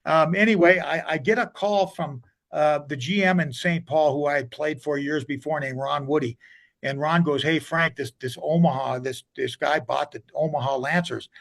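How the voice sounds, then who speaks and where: Older guy, gravelly voice pitched a bit high, rambling through old coaching stories, lots of "he goes". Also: fairly even intonation, normal speed, a bit bright. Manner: rambling, retells conversations with many restarts and "he goes". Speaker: hockey coach. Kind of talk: storytelling interview guest.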